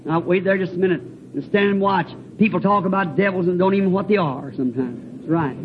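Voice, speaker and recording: Male preacher, high voice, folksy storytelling sermon, lo-fi archive tape with faint hiss. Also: fast. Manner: folksy, rambling storyteller with emphatic exclamations. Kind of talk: fervent sermon with personal testimony. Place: church building.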